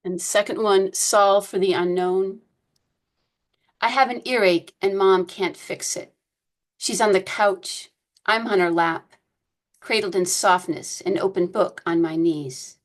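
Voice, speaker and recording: A woman reading her own poems aloud at a poetry reading, in a slow, measured way. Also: medium pitch. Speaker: poet reading.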